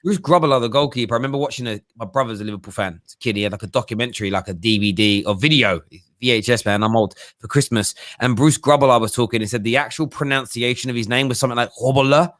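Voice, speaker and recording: A man hosting a casual football chat, joking and telling stories in an animated way. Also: medium pitch, racing, no echo, clean studio sound. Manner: animated, jokey storytelling. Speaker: host.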